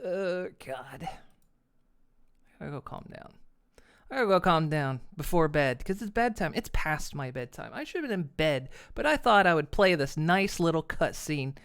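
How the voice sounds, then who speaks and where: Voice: medium pitch, sing-song, normal speed, a bit bright, clear, resonant tone. A streamer giving live gameplay commentary, ranting with exasperation, swearing often and laughing between complaints.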